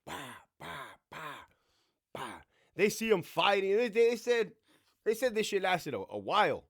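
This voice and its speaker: A man's voice: sits high, big pitch swings, measured pace. A man in his forties, a former prison officer, hosting a casual, profane storytime monologue with sound effects and asides to himself. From California.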